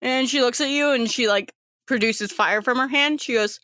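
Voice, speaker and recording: A woman's voice: a little high, normal speed, bright, forceful tone, no room sound. A woman narrating a tabletop game as game master, casual and laughing, with some swearing.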